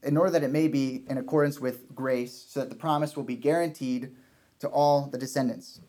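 A man's voice: medium pitch, fairly even intonation, fairly quick, warm tone. A man preaching a sermon, earnest, often restarting and repeating his points for emphasis.

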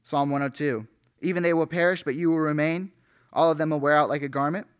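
A man's voice: on the high side, steady tone, fast talker, smooth. A male pastor preaching an earnest sermon, reading scripture aloud with rising emphasis.

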